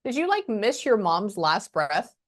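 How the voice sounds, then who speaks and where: A middle-aged woman working as a spiritual medium, giving a casual reading on a video call, animated and chatty, acting out what she hears and dropping to murmurs. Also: mid-range voice, a little slow. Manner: animated, acts out spirit dialogue, drops to murmurs; swearing, chatty, laughs often.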